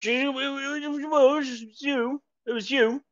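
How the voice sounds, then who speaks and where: A man's voice: very high voice, fairly even intonation, a little slow, a bit bright, pitched above the performer's own voice. A man voicing a paranoid male tavern guest with a mouth full of steak, accusing people around him. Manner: suspicious, accusing. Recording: dull lo-fi sound.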